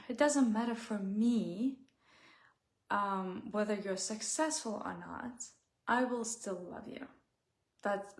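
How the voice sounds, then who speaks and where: A woman speaks in a reflective, heartfelt way, often pausing as she searches for the right words. Her mid-range voice carries a gravelly fry. The room around her adds a noticeable echo. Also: medium pitch. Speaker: self-help speaker. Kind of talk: reflective personal talk.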